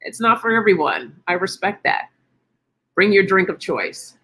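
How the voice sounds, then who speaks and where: A woman's voice: medium pitch, expressive, measured pace, pushed and bright, slightly rough. A middle-aged woman hosting a casual wellness chat stream, chatty and encouraging, thinking aloud as she answers viewers. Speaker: live stream host.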